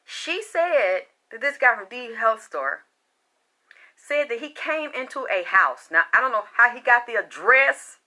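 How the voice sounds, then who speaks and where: A woman's voice: fairly high pitch, lively intonation, measured pace. A woman giving a heated, profane, confrontational rant straight to her viewers. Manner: loud and exasperated. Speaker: spiritual reader and vlogger. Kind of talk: unscripted personal rant to camera.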